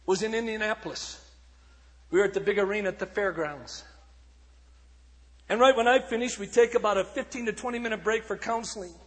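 A man preaching in a storytelling sermon style, swinging between shouted peaks and hushed passages. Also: high-pitched, a little fast, pauses often, in a large hall. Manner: dramatic, shifting from shouts to hushed tones. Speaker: evangelist speaker.

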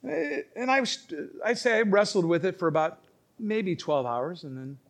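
A male pastor preaches an emphatic sermon in a voice a bit higher than most men's. He drops to quiet asides and then rises to loud, forceful lines. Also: lively intonation, normal speed.

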